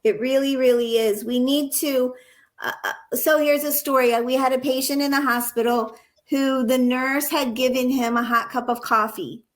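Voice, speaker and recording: A woman with a high voice talks earnestly about her work teaching nurses. She tells stories in a conversational way and acts out the exchanges she describes. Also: steady tone, moderate pace. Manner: earnest, illustrates points with acted examples. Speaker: nursing educator and guest. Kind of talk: conversational interview, storytelling.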